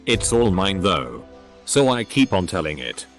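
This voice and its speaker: A man's voice: low-pitched, big pitch swings, unhurried. A man reading forum posts aloud, speaking punctuation marks as words. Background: faint background music.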